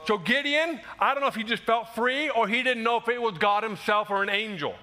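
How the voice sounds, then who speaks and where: A man preaching a sermon, animated and emphatic, acting out quoted voices and rising to shouts. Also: extremely high pitch, a little fast. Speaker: pastor.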